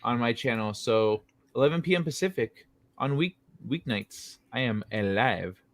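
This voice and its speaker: A man's voice: medium pitch, expressive, moderate pace, no echo. A man hosting a casual gaming talk stream, joking and teasing his co-hosts. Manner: joking, teasing, laughs often. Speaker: host. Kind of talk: casual chat.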